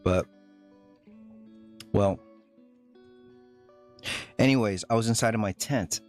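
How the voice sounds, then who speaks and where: A man with a lowish voice talks casually to his live chat and tells the story in a loose, rambling way. He stops often, restarts his sentences and fills the gaps with ums and uhs. Faint music plays underneath. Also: darkish tone. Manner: rambling, halting, with many fillers and restarts. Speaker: live streamer.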